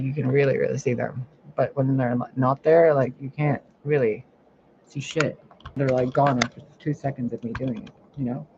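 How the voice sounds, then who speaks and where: A woman's low voice comes through in lo-fi sound with slight background noise. She's a spiritual reader and healer on her own live stream, ranting casually with bluntness and profanity. Animated, she acts out other people's lines as she goes.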